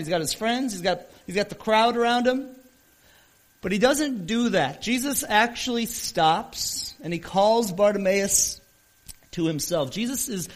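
A man with a rather high voice preaches a sermon to his congregation. He talks earnestly, telling a story, speeding up and slowing down and swelling in loudness as he makes his point. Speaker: pastor.

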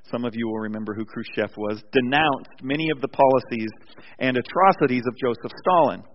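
A male pastor preaching a sermon with animated storytelling, often restarting his sentences, in a church sanctuary. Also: medium pitch. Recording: dull recording with long hall reverb.

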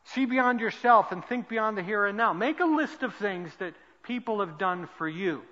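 A man preaching a sermon as pastor, swinging between loud emphasis and quiet asides. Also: sits high, expressive, normal speed. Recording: dull lo-fi sound with long hall reverb.

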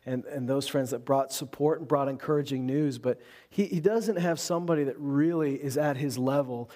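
A man who is a pastor delivering an animated sermon, mixing humor with earnest exhortation. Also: medium pitch, normal speed. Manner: animated preaching with humor and acted-out voices.

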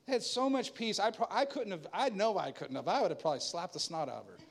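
Animated, high-pitched preaching man. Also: quick pace, gravelly, slightly rough. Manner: animated, jumps into a higher voice to act out quoted people; conversational preaching with asides and laughs. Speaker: pastor. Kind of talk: sermon.

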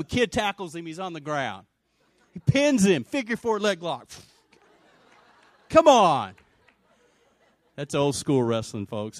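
A man with a high voice delivers a lively sermon in a dry, close recording. He talks to his congregation conversationally and with humor, and often slips into put-on voices to act out scenes. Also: dry recording. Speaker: preacher.

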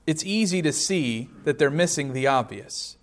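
A man's voice: on the high side, expressive, moderate pace. A man preaching a sermon, reading scripture aloud and explaining it with rhetorical questions.

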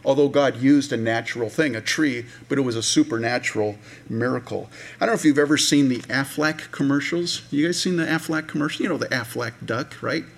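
A man preaching a sermon in a relaxed, conversational way, with many fillers and restarts, sometimes acting out voices of people in the story. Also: mid-range voice, a little fast, creaky, hardly any pauses. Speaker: pastor.

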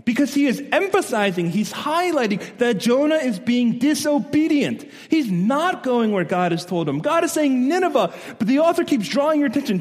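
A male pastor preaching a sermon, animated and storytelling, asking his listeners questions, in a church hall. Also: extremely high pitch, normal speed. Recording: long echo of a large hall.

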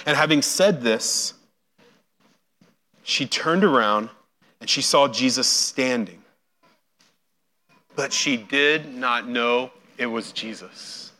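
A pastor with a medium-pitched voice preaches slowly, leaving long pauses. He retells a scene from scripture as a story, acting out the quoted voices with big swings in loudness.

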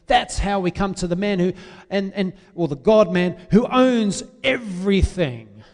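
A man preaching an impassioned sermon, swinging between loud, drawn-out pleas and quiet, confessional asides. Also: high-pitched, big-room sound.

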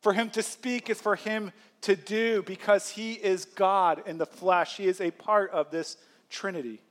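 A man's voice: high voice, fairly even intonation, unhurried. A man preaching a sermon as pastor, in a conversational way, acting out quotes and laughing lightly as he teaches.

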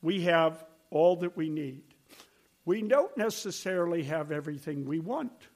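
A man's voice: a little high, lively intonation, unhurried, darkish tone. An older man preaching a sermon, telling stories in an earnest, conversational way. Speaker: pastor.

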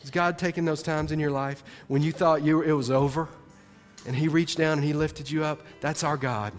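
Male pastor, sermon delivery, lively swings between excited and hushed, reverberant church. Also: a little high, moderate pace, faint music behind. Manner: animated, swings from excited shouting to soft earnest tones.

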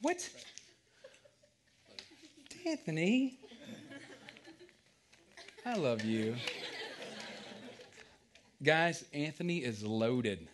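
A man's voice: fairly high pitch, huge pitch swings, very slow, long pauses, crowd noise. Joking, conversational preacher man. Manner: joking with the audience, asking questions. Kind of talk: casual sermon.

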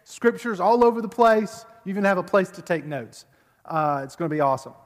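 High-voiced man preaching in echoing hall. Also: animated, fairly quick. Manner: conversational, repeats words while building a point. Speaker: pastor. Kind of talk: sermon. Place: church service. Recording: long reverb of a large hall.

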